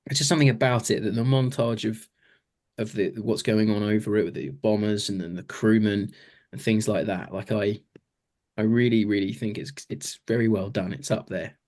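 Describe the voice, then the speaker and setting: A man's voice: on the low side, fairly even intonation, normal speed, darkish tone. A man co-hosting a podcast, reviewing a TV series in casual, enthusiastic chat full of fillers. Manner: chatty, filler-heavy, enthusiastic. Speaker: podcast co-host.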